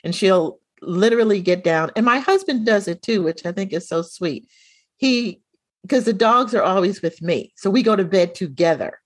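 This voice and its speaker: Animated middle-aged woman telling a story. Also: mid-range voice, normal speed, dry recording. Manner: animated storyteller, acts out quoted dialogue. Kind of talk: casual chat, storytelling.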